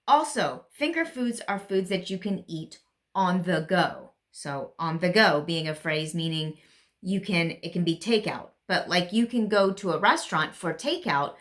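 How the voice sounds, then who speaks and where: A woman's voice: fairly low pitch, lively intonation, unhurried, a bit bright. A woman with a Great Lakes American accent, giving a casual spoken English lesson and thinking aloud with frequent ums and restarts. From United States. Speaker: English teacher. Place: at home, seated in a chair.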